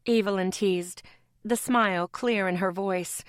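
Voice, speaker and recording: A woman reads a first-person audiobook in a measured, steady way at a middle pitch. The recording is dry, with no room sound. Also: dry recording. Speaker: audiobook narrator. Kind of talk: scripted first-person narration.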